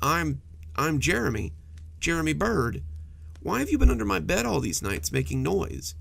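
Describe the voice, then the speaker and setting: A man voicing a nervous young boy trying to be brave, stammering a little, with a gravelly edge. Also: fairly high pitch, big pitch swings, normal speed, a bit bright, no echo, voice pushed up, full character voice.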